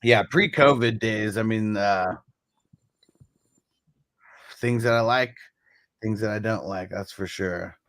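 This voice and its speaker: A man's voice: lowish voice, takes it slowly, long pauses, fairly bright tone, no echo. Laid-back man in casual chat. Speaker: podcast co-host.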